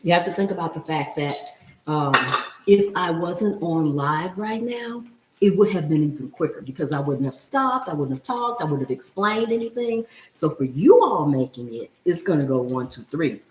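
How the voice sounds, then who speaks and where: A woman's voice: deep voice, lively intonation, moderate pace, a little mellow, echoey room, rough recording. A middle-aged woman hosts a live cooking stream from her home kitchen, chatting and answering viewer comments as she cooks. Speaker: cooking show host.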